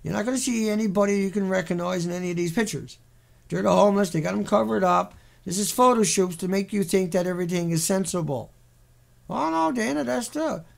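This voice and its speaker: A man's voice: high-pitched, creaky. A man giving sarcastic, ranting commentary on a series of pictures, mocking and repetitive in his delivery. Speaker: video commentator.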